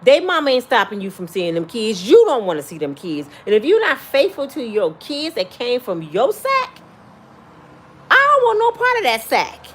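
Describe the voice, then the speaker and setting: A woman's voice: on the high side, huge pitch swings, moderate pace, fairly bright tone, slightly rough. A middle-aged woman talking bluntly and profanely, giving life advice in casual, preachy storytelling.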